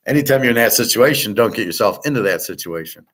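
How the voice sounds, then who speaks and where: A man's voice: lowish voice, fairly quick, few pauses, fairly bright tone. A middle-aged man hosting a show, talking in a blunt, ranting, opinionated casual monologue. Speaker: sports picks and finance show host.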